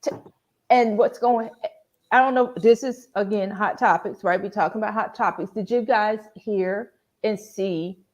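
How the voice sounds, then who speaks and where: A woman's voice: medium pitch, unhurried. Female co-host, casual panel talk, rambles a bit, slightly muffled recording. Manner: rambling, chatty, loses her train of thought.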